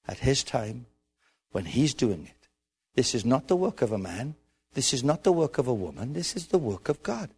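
A man with an Irish accent preaching a sermon, acting out a story with lively dialogue and building to shouts. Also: medium pitch, husky.

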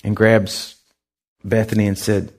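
A male pastor telling a story in a sermon, animated and conversational, acting out other people's lines. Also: fairly low pitch, unhurried. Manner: lively anecdotal storytelling, acts out others' lines.

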